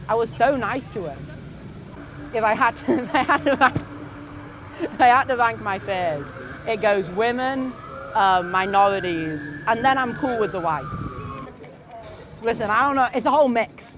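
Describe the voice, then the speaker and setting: A young man, a comedian and tour guide, rambling in a gloomy, self-deprecating deadpan and swearing freely, outdoors on a busy city street. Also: very high-pitched. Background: traffic and street noise.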